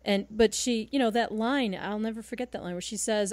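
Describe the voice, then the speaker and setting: A woman's voice: medium pitch, brisk, no room sound. Chatty woman podcast co-host, dry sound. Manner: chatty and expressive, with casual exclamations. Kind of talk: casual chat.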